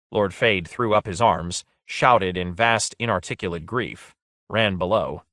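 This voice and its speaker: A man narrating an audiobook in a steady, measured way. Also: low-pitched, dry recording, studio quality. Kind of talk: scripted narration.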